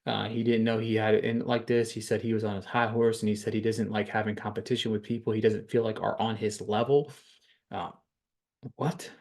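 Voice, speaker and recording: A man's voice: fairly low pitch, level tone, brisk, darkish tone. A man hosting a podcast, casually recapping a reality dating show in a rambling way, repeating words, with frequent ums and some cursing.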